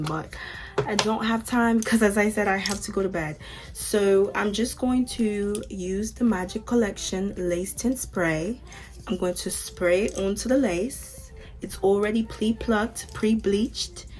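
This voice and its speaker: A woman's voice: medium pitch, darkish tone. A young American woman chatting casually to her viewers while unboxing and fitting a wig. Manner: chatty, talks straight to viewers with "y'all". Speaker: vlogger.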